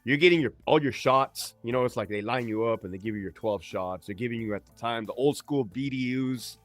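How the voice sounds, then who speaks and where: Casting: man, 40s, from California, mid-pitched, laid-back and salty, swears freely, dry close sound. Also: brisk, no room sound, soft background music. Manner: laid-back, slangy, profane. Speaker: guest, army veteran. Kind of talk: casual storytelling interview.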